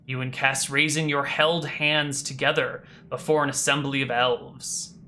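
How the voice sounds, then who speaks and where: A game master narrating a tabletop role-playing game, casual and quick, with fillers and asides. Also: mid-range voice, vocal fry, pushed and bright, slight background noise.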